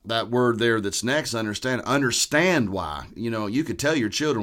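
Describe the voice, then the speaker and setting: A man's voice: mid-range voice, animated, moderate pace, hardly any pauses, a bit bright. A man, a pastor speaking earnestly and quoting scripture in conversation. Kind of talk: conversational preaching.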